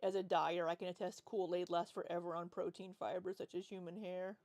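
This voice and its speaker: A woman's voice: on the low side, little pitch movement, brisk, a little mellow, no echo. A woman in her forties chatting casually on a livestream, rambling as she reads and answers chat. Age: 40s. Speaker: livestream host.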